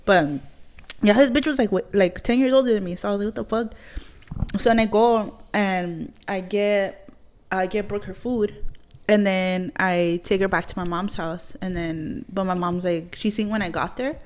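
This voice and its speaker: A woman's voice: medium pitch, fairly even intonation, moderate pace, a little mellow, slight background noise. A woman in her thirties, a podcast host, telling a personal story in casual chat, blunt and rambling with heavy swearing and many fillers.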